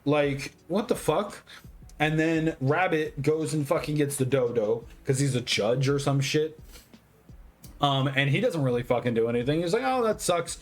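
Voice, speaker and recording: Man, tipsy, casual review, profane, rambling, excitable, mid-pitched voice. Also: normal speed, faint music behind. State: tipsy, drinking. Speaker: movie reviewer. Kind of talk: casual drunk movie review.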